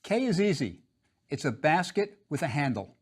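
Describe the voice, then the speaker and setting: A man's voice: fairly high pitch, big pitch swings, normal speed, breathy edge. A man teaching a drawing lesson, patient and step by step, repeating each instruction.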